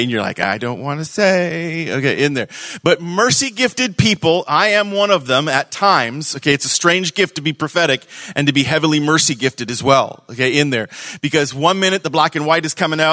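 A man preaching a sermon to a church congregation, conversational and animated, swinging between loud emphasis and hushed moments. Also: fairly high pitch, no echo. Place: church service.

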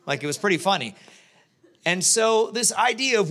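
A man in his late forties, a pastor, preaching to his church and praying in a conversational, halting way with many restarts. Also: high voice, animated, pushed and bright. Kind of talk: sermon with prayer and storytelling. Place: church sanctuary.

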